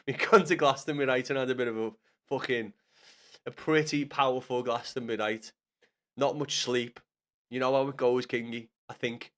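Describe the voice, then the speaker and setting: A man's voice: mid-range voice, steady tone, moderate pace, a bit bright. A man streaming live, rambling and swearing, laughing a lot and talking to viewers by name. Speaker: livestreamer. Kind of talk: casual live stream chat.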